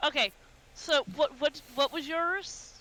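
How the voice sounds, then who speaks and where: A woman playing a tabletop game, talking in a quick, excitable stammer. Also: sits high, rough recording. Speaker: player.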